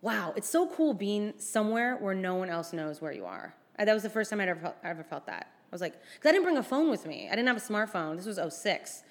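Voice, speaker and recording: A woman comedian telling a personal story to a live audience, acting out the voices in it with big jumps in pitch. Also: fast, hardly any pauses. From United States. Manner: animated, acts out quotes with big pitch jumps.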